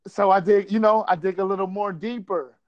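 A man's voice: high voice, steady tone, a little fast, highs cut off. A man from Buffalo telling a casual story, swearing freely and acting out quotes. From Buffalo, New York.

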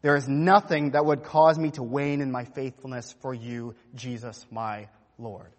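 A man's voice: mid-range voice, steady tone, unhurried, in a large hall, pitched below the performer's own voice, close to an everyday voice. A man preaching, acting out a boastful, insistent grown disciple who protests his loyalty. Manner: emphatic, self-assured protesting.

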